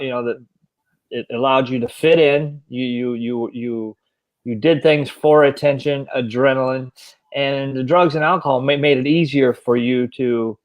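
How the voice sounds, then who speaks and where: A man's voice: medium pitch, dull audio. A man hosting an interview, earnest and supportive, often repeating words as he speaks. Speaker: host. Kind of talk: earnest interview, recovery talk.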